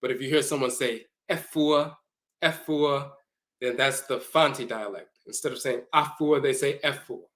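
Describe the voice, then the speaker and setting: Bright-voiced man lecturing slowly. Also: medium pitch. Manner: slow, deliberate, repeats terms to spell them out. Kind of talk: lecture explaining glyphs and dialects.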